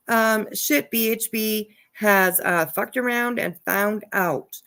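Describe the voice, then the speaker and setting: An online drama commentator, a woman with a mid-range, slightly bright voice, reads court papers aloud slowly and casually. Between passages she breaks off into profane, laughing asides.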